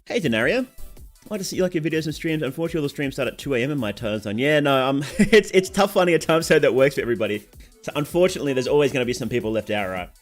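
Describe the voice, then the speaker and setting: A man's voice: medium pitch, expressive, rapid-fire, faint music behind. A young Australian man with a sore throat chatting casually on a game stream, reading out chat and answering it.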